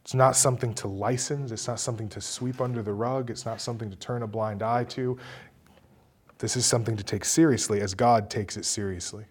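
A man's voice: on the low side, fairly even intonation, a little fast, husky. Emphatic male pastor preaching. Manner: swings from quiet to loud, emphatic bursts. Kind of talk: sermon.

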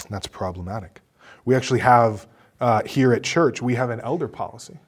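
A male pastor preaching a sermon, his voice dropping low and quiet and then rising into loud, emphatic bursts. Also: fairly quick, breathy edge.

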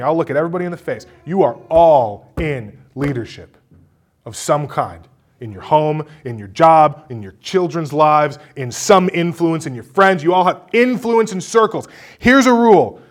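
A man's voice: on the high side, lively intonation, normal speed. Emphatic male pastor preaching. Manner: swings from quiet to loud, emphatic bursts. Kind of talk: sermon.

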